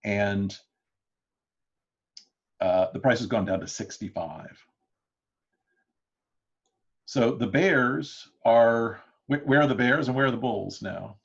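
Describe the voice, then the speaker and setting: A man's voice: medium pitch, slow, long pauses. A man giving an interactive classroom lecture, talking loosely with many fillers and restarts, often chuckling. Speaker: history lecturer. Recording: dull lo-fi lecture recording.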